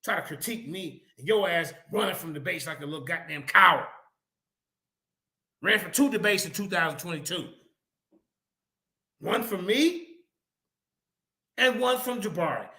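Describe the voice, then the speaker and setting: Man, high voice, tense, angry, confrontational, profane, debate panel rant. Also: sharp tone. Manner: repetitive, emphatic call-outs. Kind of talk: heated online panel argument.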